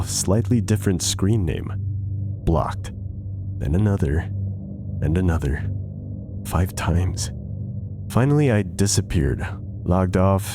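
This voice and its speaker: A man narrating true horror stories in a measured, suspenseful scripted read. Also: low-pitched. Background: soft music.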